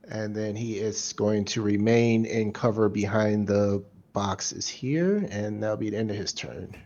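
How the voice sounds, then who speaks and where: A man playing a tabletop game, calling out his character's actions deliberately, step by step. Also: lowish voice, steady tone, a little mellow, dull audio. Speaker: player.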